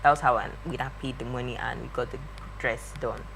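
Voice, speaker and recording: A young woman, a guest telling a story in a lively way and acting out the voices of the people in it. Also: rumbling low, a little fast, gravelly, slightly rough. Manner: lively, acts out quoted voices. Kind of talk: animated storytelling.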